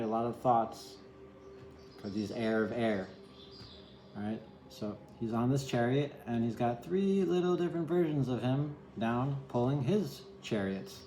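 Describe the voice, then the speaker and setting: A man's voice: medium pitch, a little mellow, roomy sound, a little hiss or hum, poor audio. A man giving a casual, rambling tarot reading, candid and sometimes swearing. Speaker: tarot reader.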